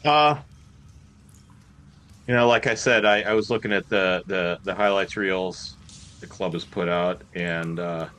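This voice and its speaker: A man co-hosting a casual sports podcast, speaking haltingly with hesitant fillers. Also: deep voice, fairly bright tone. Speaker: podcast co-host.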